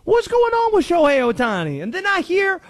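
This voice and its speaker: A man doing an excitable, conspiracy-minded character with a put-on Cajun accent, loud and drawling. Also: very high-pitched, a little fast, no room sound, voice pushed up, full character voice. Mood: suspicious. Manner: loud, drawling, shouting and rambling.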